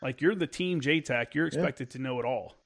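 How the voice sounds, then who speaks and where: A man's voice: mid-range voice, a little fast. A man hosting a podcast, chiming in with short agreeing replies and asking loose, rambling questions. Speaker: podcast host. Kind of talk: casual interview.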